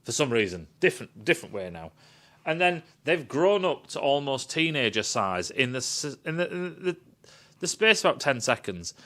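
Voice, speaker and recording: A man's voice: mid-range voice, big pitch swings, moderate pace, sharp tone. A man giving a sweary, sarcastic rant reviewing a film.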